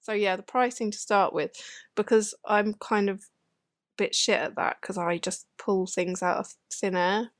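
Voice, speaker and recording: A woman's voice: mid-range voice, fairly even intonation, normal speed, dry recording, studio quality. A woman with a British accent, a guest in a podcast interview, shy and self-deprecating with frequent laughs. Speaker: guest illustrator. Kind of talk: casual interview chat.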